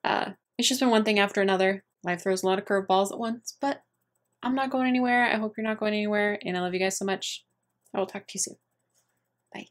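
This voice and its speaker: A woman's voice: medium pitch, fast. A young woman beauty vlogger chatting casually to her viewers, gushing and rambling with many fillers and restarts. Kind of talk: casual chat to camera.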